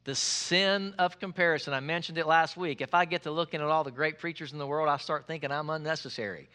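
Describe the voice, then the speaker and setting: A male pastor preaching a sermon, lively and joking with the congregation, repeating his key phrases. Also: fairly high pitch, fast talker.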